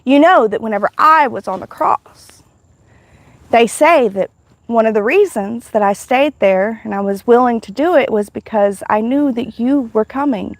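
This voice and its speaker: A woman quoting a calm, gentle Jesus. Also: a little high, moderate pace, no echo, close to an everyday voice. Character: gentle calm male Jesus giving counsel.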